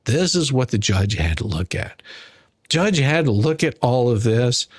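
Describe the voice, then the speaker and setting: A man's voice: medium pitch, big pitch swings, unhurried, no echo, studio quality. A man streaming sarcastic commentary on court filings, scoffing and mimicking whiny pleas. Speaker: YouTube legal commentary streamer.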